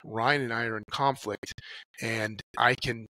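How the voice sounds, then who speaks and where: A man talks casually as a podcast guest. He acts out little inner dialogues and swears freely as he tells stories. His voice is bright and forceful, and the sound is dry, with no room echo. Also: mid-range voice, steady tone, measured pace. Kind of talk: casual conversational talk.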